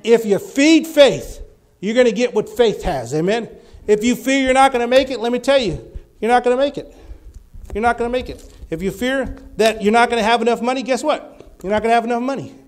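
A male preacher giving a sermon, telling healing stories and rising to loud, fervent exclamations. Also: very high voice, fast talker.

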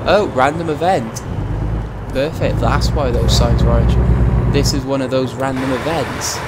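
While streaming a truck driving game, a young man keeps up chatty, rambling, self-deprecating commentary as he drives. His voice is medium in pitch at a normal speed, and the recording is very noisy.

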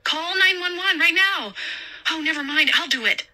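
A woman's voice: very high voice, moderate pace, pushed and bright, pitched above the performer's own voice, exaggerated voice. A woman reading a story aloud and voicing a frightened but brave young mall worker in a raised, urgent voice. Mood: panicked. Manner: urgent, breathless, alarmed.

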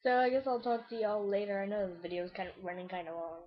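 A woman's voice: mid-range voice, animated, fairly quick, dull audio. A woman talking in a silly, playful, rambling way, making a casual goofy webcam vlog. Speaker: vlogger.

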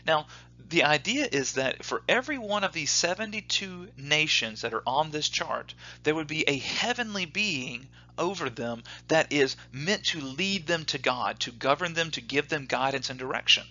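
A man teaching a church Bible class, lively and questioning, reading scripture aloud. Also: a little high, normal speed. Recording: dull lo-fi recording.

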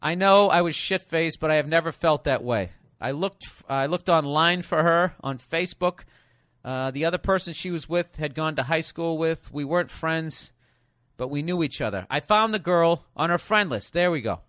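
Loud and profane, a middle-aged man riffs mockingly on the letters he reads aloud while hosting a comedic advice podcast. His voice sits fairly high with lively intonation at normal speed, and the close studio mic sounds dry with no echo.

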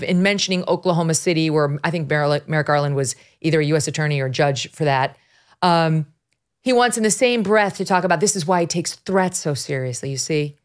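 A woman's voice: deep voice, lively intonation, brisk. A middle-aged woman hosting a political talk podcast, sarcastic and mocking as she talks through the news. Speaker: podcast host.

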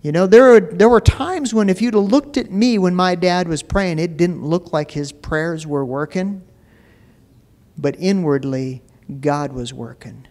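A man's voice: high-pitched, unhurried, darkish tone. A man pastor giving a sermon, telling a story from his life and then preaching with rising emphasis, often repeating words as he starts a phrase.

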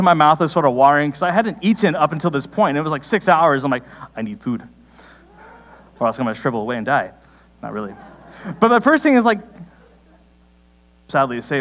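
A young adult man preaching a sermon, telling a personal story in a conversational way, with sudden rises in pitch. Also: a bit bright. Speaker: pastor.

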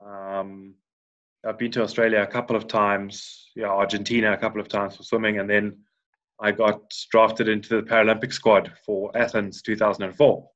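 A man's voice: on the low side, level tone, normal speed, a bit bright. A man in his thirties from South Africa, a podcast guest who talks in a rambling way, full of restarts and fillers. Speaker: guest, former Paralympic swimmer. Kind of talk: casual podcast interview. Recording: dull lo-fi sound.

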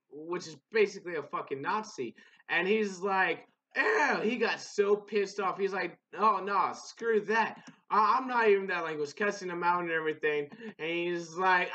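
A young man talks over his gameplay in loose, profane rambles, tripping over his words and starting over. His voice sits a little high and sounds bright and forceful. The recording is dull and lo-fi. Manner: rambling and profane, many restarts. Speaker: gaming channel host. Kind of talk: casual gameplay commentary.

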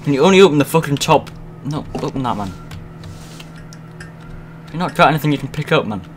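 A man commentating his horror game playthrough, swearing a lot and shouting at the game when it frightens him. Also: fairly high pitch, lively intonation, brisk, long pauses, slight background noise. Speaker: let's play host. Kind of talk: gaming commentary.

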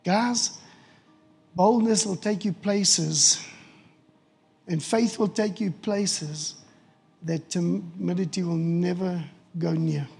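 A middle-aged man, preaching a storytelling sermon in an animated way, acting out quotes and often restarting words. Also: sits high, takes it slowly, gravelly, pauses often, breathy edge. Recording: hall reverb with faint music.

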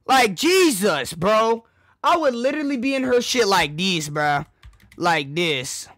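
A young man streaming a casual reaction chat, crude and excitable, jumping between loud outbursts and low mutters into a desk mic. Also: moderate pace, dry recording, studio quality. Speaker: streamer reacting to a music video.

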